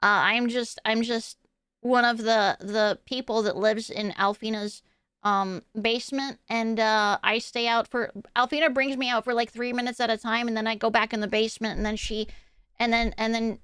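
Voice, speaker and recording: A woman voicing a shy, timid young woman who says she lives in the streamer's basement, speaking softly and hesitantly with apologies. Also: a little high, fairly even intonation, moderate pace, clear, resonant tone, no room sound. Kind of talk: streamer character bit.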